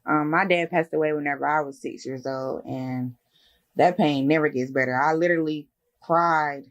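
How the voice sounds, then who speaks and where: A woman's voice: deep voice, fairly even intonation, moderate pace. Candid woman podcast co-host. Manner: candid, emotional, talks at length. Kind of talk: casual podcast chat.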